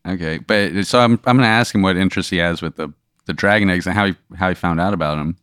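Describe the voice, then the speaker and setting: A man's voice: sits low, fast, a bit bright, clear, resonant tone, dry recording. A man playing in a tabletop game, asking dry, hesitant questions. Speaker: player, comedian. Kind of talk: casual game play.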